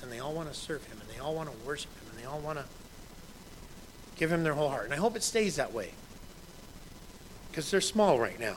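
A man's voice: a little high, a little hiss or hum, poor audio. A man in his thirties, a pastor preaching a sermon in a conversational way, quoting scripture with emphasis.

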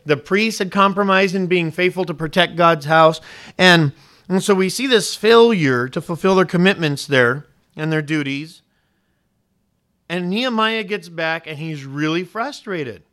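Bright high-voiced man preaching. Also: measured pace. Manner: preaching with rising emphasis and direct questions to the congregation. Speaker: pastor. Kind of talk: sermon.

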